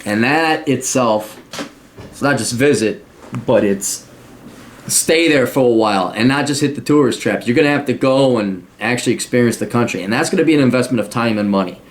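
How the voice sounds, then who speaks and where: A middle-aged man talking casually and bluntly as a podcast host, swearing freely and jumping into high mocking voices when he quotes people. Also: a little fast. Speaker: podcast host answering a listener request. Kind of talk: casual monologue.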